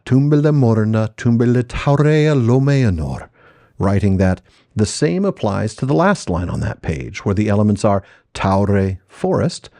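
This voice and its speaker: A man's voice: on the low side, vocal fry, mellow, no room sound, studio quality. A man hosting a podcast and explaining things in an enthusiastic, scholarly way. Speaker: podcast host.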